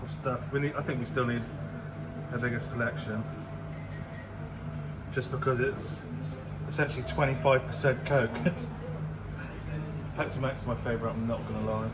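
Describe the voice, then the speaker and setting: A man's voice: mid-range voice, fairly even intonation, normal speed, long pauses, heavy background noise. A tipsy man vlogging casually from his restaurant, chatty and rambling, often restarting his sentences into a handheld camera. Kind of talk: casual vlog chat. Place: restaurant, indoors.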